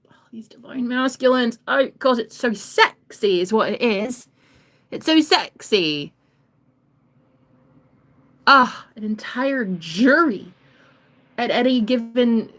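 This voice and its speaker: A woman giving a casual reading to camera, animated and profane, sometimes dropping into a whisper. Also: mid-range voice, breathy edge. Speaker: tarot reader.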